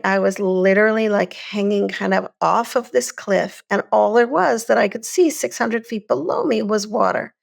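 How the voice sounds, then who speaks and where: A middle-aged woman with a gravelly, creaky edge tells a personal story with earnest energy. Her voice sits at an ordinary pitch for a woman, and the talk moves along conversationally. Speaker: podcast co-host.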